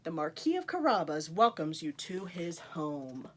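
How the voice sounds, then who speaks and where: A woman's voice: deep voice, very animated, a little slow, slight background noise. A woman voicing a clever, bold male talking cat in a storybook, eager and persuasive.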